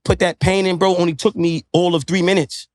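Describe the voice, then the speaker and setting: Man, podcast guest, high voice, profane street slang, preachy, dry close sound. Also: flat delivery, a little fast, no room sound. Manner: preachy, lecturing. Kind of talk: casual chat.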